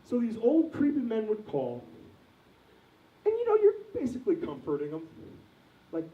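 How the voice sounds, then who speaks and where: A man's voice: high-pitched, wildly swooping pitch, normal speed, long pauses, recorded from a distance. A young man doing a crude, rambling stand-up set, quizzing the audience, recorded from afar in an echoey lo-fi room. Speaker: stand-up comedian.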